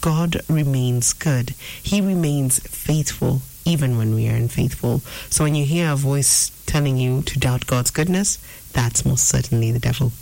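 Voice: medium pitch, normal speed, creaky, mellow, poor audio. Earnest preacher. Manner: earnest, repeats phrases for emphasis; acts out inner voices in quotes. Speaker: preacher answering a viewer question. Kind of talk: informal sermon teaching.

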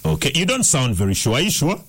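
Male breakfast radio host, slightly high voice, big swings in pitch, playful and teasing with callers. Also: fast, gravelly, slightly rough. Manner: lively, teasing, switches into Luganda. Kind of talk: morning radio quiz call-in. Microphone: studio microphone.

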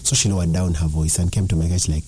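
A young man, hosting a drive-time radio show and chatting through stories with lively swings in his voice. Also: fast talker, slightly rough. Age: young adult. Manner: chatty storytelling, animated pitch swings. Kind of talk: casual radio talk. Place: radio studio.

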